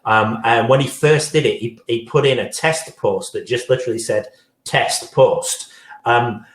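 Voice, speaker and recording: A man co-hosting a live online show, telling jokey stories. He speaks at a middling pitch. The echo of the room around him comes through clearly. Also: a little slow. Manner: joking, storytelling. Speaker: co-host. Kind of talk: casual live-show chat.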